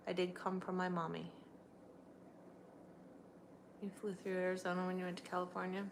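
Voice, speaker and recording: A woman's voice: little pitch movement, fast talker, creaky. Middle-aged woman, casual vlogger at home, chatty, with faint background noise. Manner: chatty, talks to her pets in a high sing-song voice. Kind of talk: casual livestream chat. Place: home, indoors.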